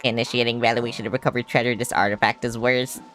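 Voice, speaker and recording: A streamer voicing a robot spaceship, reading game lines in a fast, flat monotone. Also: mid-range voice, faint music behind, close to an everyday voice. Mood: calculating. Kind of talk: reading game dialogue aloud in a voice.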